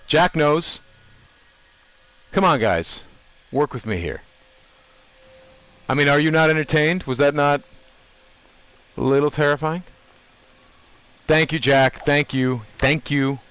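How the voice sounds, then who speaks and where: A man doing animated, joking commentary while streaming a video game and talking to his chat. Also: on the high side, slow, long pauses, clean tone. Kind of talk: gaming commentary.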